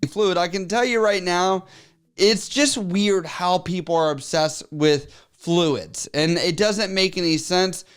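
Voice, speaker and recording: A man co-hosting a podcast, introducing a clip in a relaxed, wry way. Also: high voice, takes it slowly, clear, resonant tone. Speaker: podcast co-host. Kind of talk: casual podcast chat.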